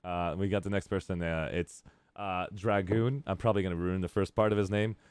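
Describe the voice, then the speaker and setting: Male streamer host, deep register, dry close mic, rambling and laughing easily. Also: fairly even intonation, brisk, darkish tone, smooth, no room sound. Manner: upbeat, rambling, laughs often. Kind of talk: casual live-stream chat.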